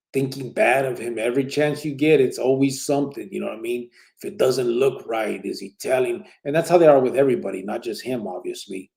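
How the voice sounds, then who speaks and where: A man's voice: mid-range voice, creaky, darkish tone, rough recording. A man casually telling a personal prison story in street slang, with many restarts and "you know what I'm saying". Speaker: podcast host telling his prison story.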